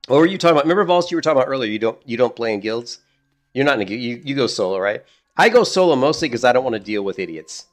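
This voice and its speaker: A man's voice: medium pitch, animated, racing, soft background music. A middle-aged man chatting casually while streaming a game, rambling, swearing and laughing at his own stories. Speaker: gaming streamer.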